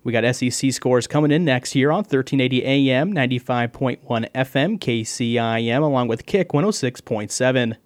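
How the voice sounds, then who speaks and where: A man hosting a radio sports scoreboard show, talking fast and pausing to catch his breath. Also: mid-range voice.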